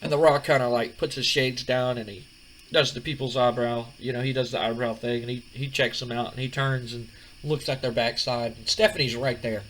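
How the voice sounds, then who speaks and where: A man hosts a casual gaming video, recapping wrestling-sim results in a loose, rambling way with lots of restarts. His voice is mid-pitched and ordinary, and a faint background hiss sits under it. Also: fairly even intonation, fairly quick, a bit bright, poor audio. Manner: rambling, many fillers and restarts. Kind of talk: casual game commentary.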